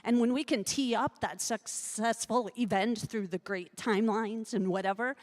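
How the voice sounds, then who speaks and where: A woman's voice: on the high side, normal speed. A woman from Iowa, a benefit auctioneer, answering interview questions in a cheerful, confident way. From Iowa, USA. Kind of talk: casual interview.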